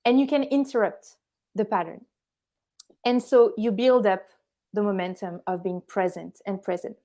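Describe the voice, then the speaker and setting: A young adult woman, a guest on an interview show, calmly explaining meditation with everyday examples. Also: mid-range voice, moderate pace. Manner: calm, instructive, gives everyday examples. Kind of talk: explanatory conversation.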